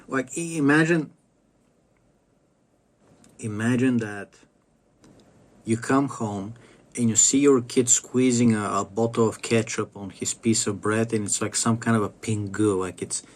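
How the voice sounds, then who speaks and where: A man delivers a profane monologue to camera at an unhurried, dragging pace. He rambles and restarts often, and swearing runs through nearly every sentence. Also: fairly low pitch. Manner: rambling, stop-start, heavy swearing. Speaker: vlogger.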